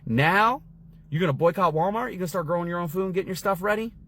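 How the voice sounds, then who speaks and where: A man's voice: sits high, fast, fairly bright tone. A man ranting straight to camera on social media in a heated, sarcastic, preachy way. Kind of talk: casual rant to camera. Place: outside a store.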